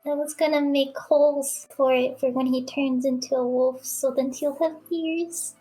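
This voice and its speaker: A woman's voice: sits high, steady tone, normal speed, dark tone, faint music behind. A woman playing a tabletop game, sweet and eager in character. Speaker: player.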